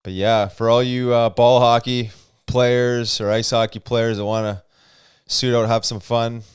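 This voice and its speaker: A man's voice: mid-range voice, measured pace, clear, resonant tone, no room sound, clean studio sound. A man co-hosting a hockey podcast, talking casually and upbeat with his co-host and guest. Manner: relaxed, upbeat plugging events. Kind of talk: casual chat.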